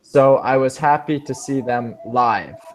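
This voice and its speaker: A man's voice: medium pitch, measured pace. A man teaching an English speaking class, explaining expressions patiently and rephrasing them several times.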